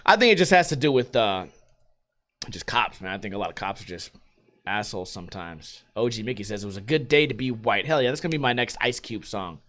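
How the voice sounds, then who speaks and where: A young man hosting a podcast, rambling through a profane, animated story in casual talk. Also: on the low side, fairly quick. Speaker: podcast host.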